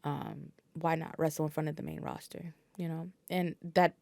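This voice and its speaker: A woman talking as a podcast guest in casual, blunt chat, swearing freely and filling pauses as she thinks. Her voice sits a little low, and the recording is dry and close, with no room sound. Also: fairly even intonation, gravelly, darkish tone, dry recording. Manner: blunt and profane, with frequent fillers.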